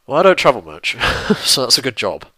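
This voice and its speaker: A man's voice: mid-range voice, huge pitch swings, normal speed, pushed and bright, dry recording. A young English man rambling through a casual viewer Q&A, self-deprecating and swearing mildly. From England. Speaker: YouTuber answering viewer questions. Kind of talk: casual Q&A monologue.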